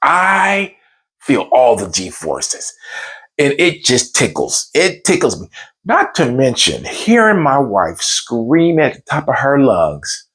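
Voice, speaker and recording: A man's voice: medium pitch, husky. A man telling a funny personal story, acting out the voices in it. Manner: animated, acts out the voices in his stories.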